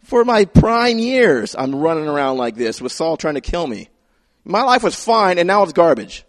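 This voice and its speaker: A fed-up young man on the run, as a preacher voices him, grumbling with dry sarcasm. His complaints are spoken in a softer register. It is told within a sermon. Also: a little high, very animated, normal speed.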